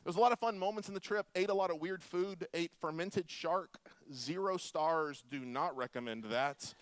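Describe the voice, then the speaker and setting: Pastor guy in his 40s from florida, a bit high voice, lively funny stories, dry close sound. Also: moderate pace, dry recording. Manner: animated, humorous storytelling with quiet prayer. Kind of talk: sermon with storytelling.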